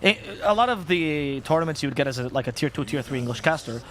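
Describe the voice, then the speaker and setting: A man, an esports caster, chatting on a panel and telling stories in a fast, animated way. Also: on the high side, slight background noise. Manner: fast, animated storytelling, swears and laughs often. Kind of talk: casual panel chat.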